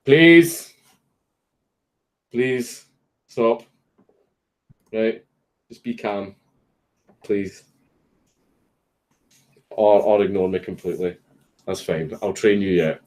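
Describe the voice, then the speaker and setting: A Scottish man chats casually on a live stream from home, reading viewer messages, swearing and joking while a puppy distracts him. His voice sits low and sounds mellow, slow with frequent pauses, on a rough recording.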